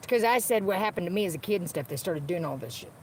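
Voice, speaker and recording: An animated woman with a fairly low voice talks at a quick pace while livestreaming from her car. Her unscripted rant to viewers is angry and laced with swearing at the people involved, with repeated phrases. Faint noise and dogs are audible nearby.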